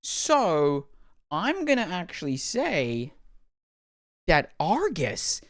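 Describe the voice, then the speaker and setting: A young male streamer with a smooth, clean voice, chatting on a live stream as he reacts to game trailers. He rambles, apologizes, and laughs at himself. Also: high-pitched, sing-song, unhurried. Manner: apologetic, rambling, self-deprecating.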